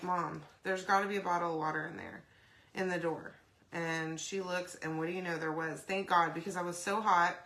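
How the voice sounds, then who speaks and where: A woman hosting a casual craft video, chatty and rambling, often saying "y'all" and "okay?", her throat dry and clearing often. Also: medium pitch, a bit bright. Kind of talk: casual craft demo chat.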